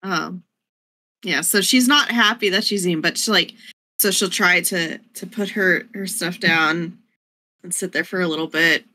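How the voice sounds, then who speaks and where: Giggly bright-voiced woman player. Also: on the low side, a little slow. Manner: giggly, explains her character's feelings. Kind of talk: casual tabletop role-play.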